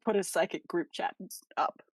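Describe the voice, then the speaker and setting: A woman's voice: on the low side, normal speed, breathy edge, no echo, studio quality. A woman playing a tabletop game over a voice call, teasing the group and laughing a lot. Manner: playful teasing, lively laughs. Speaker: player. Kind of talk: casual chat during a tabletop game. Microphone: home mic on a voice call.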